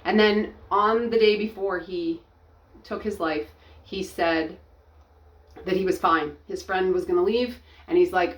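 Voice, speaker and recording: A middle-aged woman giving a personal testimony, talking earnestly and haltingly, often restarting her sentences. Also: fairly low pitch, highs cut off. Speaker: ministry founder and coach.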